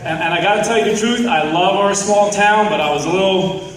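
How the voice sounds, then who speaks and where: A man's voice: high-pitched, brisk, fairly bright tone. A man from New Jersey doing a stand-up comedy set, telling stories with lots of fillers. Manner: storytelling with many fillers, acts out voices. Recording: echoey hall, distant mic.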